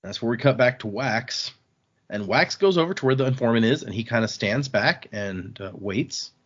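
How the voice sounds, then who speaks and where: A man casually recapping book chapters on a podcast, relaxed and chatty, quoting characters as he goes. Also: mid-range voice, normal speed. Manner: relaxed, chatty retelling with small restarts. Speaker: podcast host. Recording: slightly dull lo-fi mic audio.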